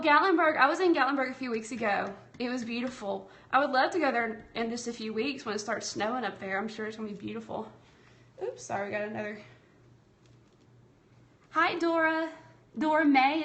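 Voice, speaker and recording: A Southern woman with a slightly high voice hosts a relaxed live painting tutorial from her tablet. She chats warmly with viewers as she works, reads out their comments and calls them y'all. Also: moderate pace. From Tennessee, US South. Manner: chatty and friendly, calls viewers y'all, talks while working. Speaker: craft livestream host. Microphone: tablet streaming app.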